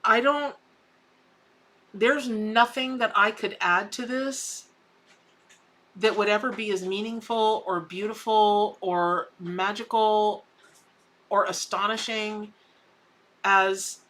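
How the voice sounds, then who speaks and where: Woman, Southern US accent, middle-aged, bright clear tone, folksy, effusive, tarot reader on a live stream. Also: medium pitch, steady tone, takes it slowly. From American South. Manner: folksy and effusive, calls viewers honey and baby.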